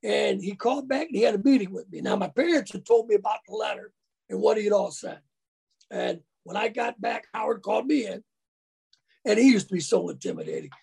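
A high-voiced man with a deeply gravelly, rough texture tells stories in a relaxed interview. His husky delivery is folksy and colloquial, the way a former ballplayer talks about the old days. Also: brisk. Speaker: interview guest, former college football player. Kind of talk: casual storytelling.

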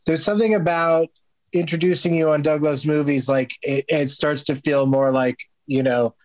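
A man hosts a podcast in easy, casual chat. He rambles and hesitates, leaning on fillers as he thinks aloud. His voice sits a little high for a man, and the recording is close and dry with no room sound. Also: fairly even intonation, moderate pace, dry recording. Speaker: podcast host.

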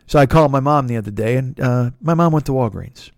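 A man's voice: medium pitch, fast, darkish tone, no room sound, studio quality. Profane, rambling middle-aged man. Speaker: podcast host. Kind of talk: casual solo monologue.

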